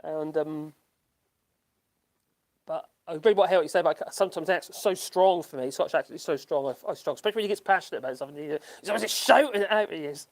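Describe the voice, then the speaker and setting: An older man from Norfolk, England, with a Norfolk English accent, hosts a casual livestream and reads chat comments aloud. His slightly high voice rambles and halts, full of ums and laughter.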